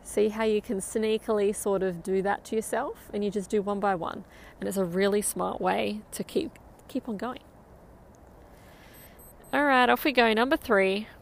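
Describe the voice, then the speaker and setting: A woman's voice: medium pitch, moderate pace, gravelly, a little hiss or hum. A woman coaching a guided interval run outdoors, upbeat and encouraging as she counts down. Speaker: running coach.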